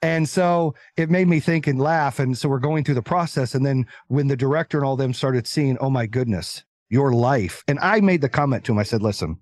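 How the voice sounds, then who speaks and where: A man telling stories as an interview guest, talking in an energetic, emphatic, animated way. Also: mid-range voice, a little fast, hardly any pauses, no echo, clean studio sound. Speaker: podcast guest, entrepreneur. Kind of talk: casual interview storytelling.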